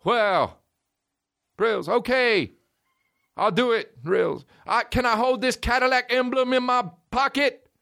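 A man doing a comic impression of an excitable male rapper, giddy and chanting the same rhyme over and over. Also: very high voice, slow pace, vocal fry, pitched above the performer's own voice, full character voice. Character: excitable adult male rapper, hyped, repeating one rhyme.

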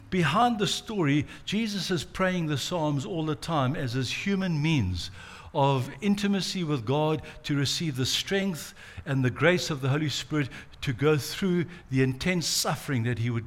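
A man giving a sermon, telling the story dramatically and acting out the quoted lines. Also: a little high. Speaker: pastor.

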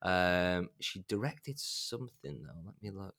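A man co-hosting a podcast, chatting casually about films and retelling trailers with quick, animated asides. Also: low-pitched, no room sound, studio quality. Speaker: podcast co-host. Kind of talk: casual film chat.

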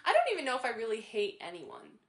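A woman's voice: a little high, wildly swooping pitch, fast talker, fairly bright tone. Playful, self-mocking young woman. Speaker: podcast co-host. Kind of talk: casual podcast chat. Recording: roomy echo.

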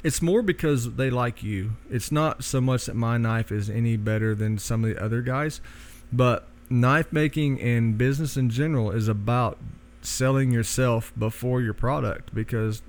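A man's voice: mid-range voice, moderate pace, hardly any pauses. Southern man, easygoing knife maker. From Oklahoma, US. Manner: drawling storyteller, acts out voices in anecdotes. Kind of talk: casual interview.

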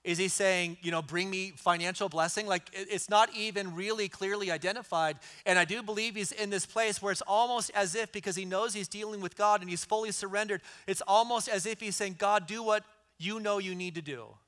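A man's voice: high voice, fairly even intonation, a little fast, few pauses, a bit bright, clear, resonant tone. A middle-aged man preaching a sermon in an earnest way, repeating key lines for emphasis. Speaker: pastor.

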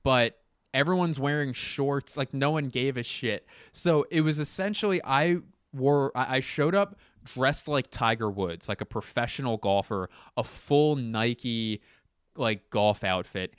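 A man's voice: medium pitch, lively intonation, measured pace, smooth, no room sound, clean studio sound. A young adult man, a podcast host, at home telling a rambling, profane, self-mocking comedic story in casual monologue. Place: at home, in a bedroom.

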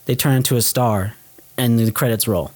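A young man chatting casually as a podcast co-host, recapping a movie with lively energy. His voice sits at an ordinary middle pitch. He swears offhand and jumps into the characters' lines as he tells the story. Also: moderate pace. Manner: animated retelling, swears casually, acts out quoted lines. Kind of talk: casual film recap chat.

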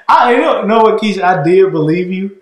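A man's voice: high-pitched, animated, normal speed, slight background noise. Laughing man in a roomy echo. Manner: laid-back, laughs often, folksy slang. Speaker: podcast co-host. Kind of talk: casual chat.

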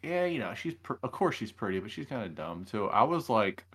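A young man chatting casually as a podcast co-host, telling stories in a rambling, animated way. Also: on the low side, fairly quick, breathy edge. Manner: rambling, animated storytelling with laughs. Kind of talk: casual reality-show recap chat.

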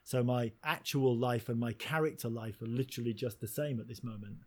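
Man, actor guest, mid-pitched, lively self-mocking storyteller. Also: brisk. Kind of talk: animated storytelling in a casual interview.

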